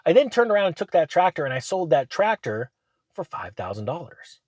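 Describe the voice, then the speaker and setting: A man, hosting his channel and telling rambling, animated business stories in casual chat. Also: a little high, a little fast, no room sound. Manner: rambling, animated anecdotes with acted quotes. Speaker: channel host. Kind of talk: casual storytelling monologue.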